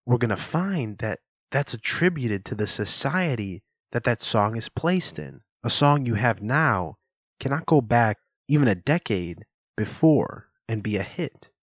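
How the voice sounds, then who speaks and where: A man with a lowish voice hosts a solo podcast, explaining things in a chatty, playful way and demonstrating words aloud. There's no echo, though the recording is dull and lo-fi.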